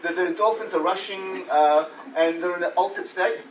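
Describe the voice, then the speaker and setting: A man's voice: high-pitched, moderate pace. A man leading a laughter club workshop in a playful way, breaking into laughs as he shows the exercises to a room full of people. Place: conference room with an audience. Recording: echoey room, mic far off, audience noise.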